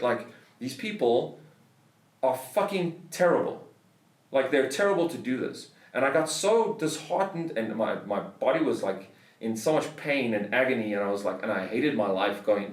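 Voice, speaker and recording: A man's voice: medium pitch, far from the mic. Ranting South African man, roomy sound. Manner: swears a lot, heated ranting. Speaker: podcast host. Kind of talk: casual storytelling.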